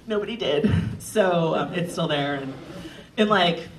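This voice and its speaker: An author talking casually on a panel, rambling and hesitant with many ums. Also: male voice, a little high, slow, reverberant. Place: live event stage. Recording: distant mic, faint noise.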